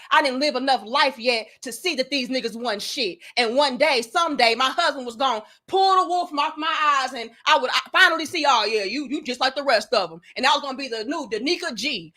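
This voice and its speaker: A woman's voice: high-pitched, sharp tone. A young adult woman, delivering a blunt, profane, preachy opinion monologue as a commentary show host.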